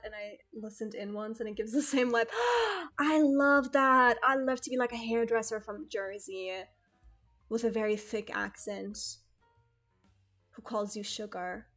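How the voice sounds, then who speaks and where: A woman's voice: on the high side, flat delivery, normal speed, faint music behind. A young woman streaming from home, chatting casually, laughing often and swearing freely. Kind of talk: casual chat.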